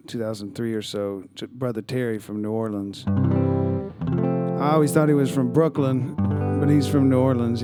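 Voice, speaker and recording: A singer-songwriter telling a rambling, self-deprecating story between songs at a small club. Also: male voice, mid-range voice, mellow. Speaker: singer-songwriter performing live. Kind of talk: relaxed stage banter between songs. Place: small live music club.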